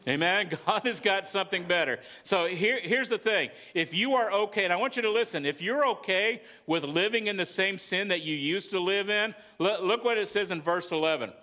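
A man's voice: high-pitched, animated, moderate pace, hardly any pauses, sharp tone. A male pastor with a Southern US accent, preaching a conversational sermon to his congregation with frequent calls of "amen.". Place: church sanctuary.

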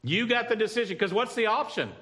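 A man's voice: high voice, lively intonation, fast, pushed and bright. A man preaching a sermon who often checks in with the congregation and adds humorous asides. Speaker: pastor.

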